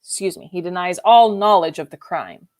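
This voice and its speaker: A woman reading the lines of a gruff, earnest country squire in a storybook reading. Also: on the low side, normal speed, darkish tone, lightly acted. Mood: insistent.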